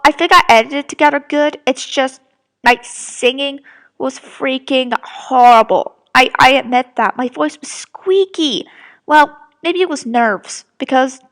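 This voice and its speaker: A woman's voice: high-pitched, fairly bright tone. A young woman from Britain rambling defensively about criticism of her fan audio drama, with many restarts. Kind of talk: casual rant to camera.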